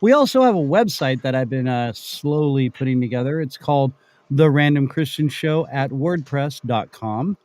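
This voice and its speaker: A man's voice: mid-range voice, lively intonation, normal speed, a little mellow, no echo. A man co-hosting a casual live show from his home studio, rambling and joking around. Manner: joking, rambling, tries silly British voice. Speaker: podcast co-host. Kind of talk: casual chat.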